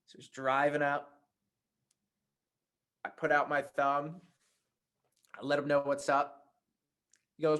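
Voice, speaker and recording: A man teaching a writing workshop, telling a personal anecdote in a conversational, animated way. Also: on the high side, takes it slowly, pauses often, clear, resonant tone. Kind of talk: workshop talk with storytelling.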